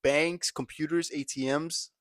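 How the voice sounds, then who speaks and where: A man's voice: fairly high pitch, steady tone, measured pace, very noisy. A young man co-hosting a podcast, chatting casually and rambling through slangy stories full of fillers. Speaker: podcast co-host. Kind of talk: casual chat.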